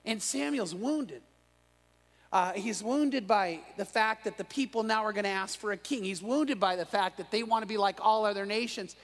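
High-voiced pastor in a reverberant church. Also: male voice, moderate pace. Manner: animated storyteller with frequent restarts. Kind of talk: evening sermon. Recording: long reverb of a large room.

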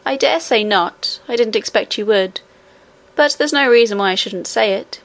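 A woman voicing an ancient, gentle queen and great-great-grandmother, speaking calmly and assuredly. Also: on the high side, normal speed, vocal fry.

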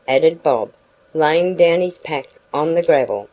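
Audiobook narrator, woman; measured, unhurried delivery with a warm tone. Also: low-pitched, rough recording. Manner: measured, even storytelling. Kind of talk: scripted narration.

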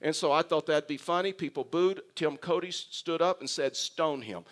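A man's voice: fairly high pitch, fairly even intonation, brisk. A male pastor preaching a sermon, telling stories with humor and often restarting his sentences. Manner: humorous storytelling with frequent restarts.

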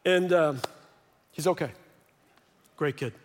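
Thirties male pastor, bright high voice, lively sermon storytelling with jokes, big echoing hall. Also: takes it slowly. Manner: lively storytelling with joking asides. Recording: long reverb of a large hall.

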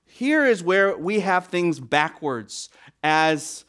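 A male preacher with a high, lively voice that leaps up and down in pitch. He delivers a sermon with big dramatic swings, punching some phrases loudly and dropping others to a hush. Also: takes it slowly. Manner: animated, dramatic swings between loud emphasis and near-whispers.

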